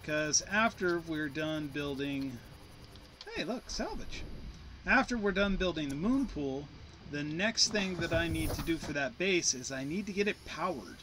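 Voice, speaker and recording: A man's voice: fairly high pitch, animated, a little slow, background noise. A man giving casual, playful commentary while he plays a game, chatting to himself as he goes. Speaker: gameplay commentator. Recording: game music playing behind.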